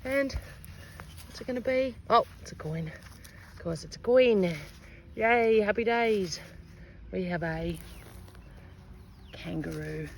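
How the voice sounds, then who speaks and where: A woman giving chatty, excitable commentary to viewers while metal detecting outdoors in a park. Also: mid-range voice, slow, long pauses, low-quality recording. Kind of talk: casual commentary to camera. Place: outdoors in a park under trees. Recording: outdoor recording with clear wind and ambient noise.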